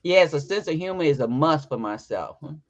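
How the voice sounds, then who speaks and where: A woman in her twenties co-hosting a casual relationship chat, animated and quick to laugh. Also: deep voice. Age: 20s. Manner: animated, laughs often, acts out bits of dialogue. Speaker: podcast co-host.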